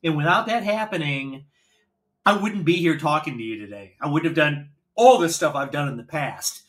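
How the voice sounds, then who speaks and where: A man's voice: fairly high pitch, lively intonation, moderate pace, a bit bright. A man from the American Midwest hosting a podcast. He tells a story in a casual, profane style and acts out the dialogue as he goes. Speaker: podcast host.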